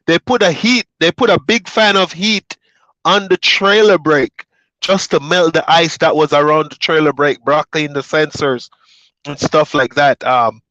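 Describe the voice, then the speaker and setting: Trucker vlogger, a man from Jamaica, fairly high voice, easygoing rambling chat, dry dull recording. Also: no room sound. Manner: relaxed, rambling storytelling with fillers. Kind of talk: casual chat to viewers.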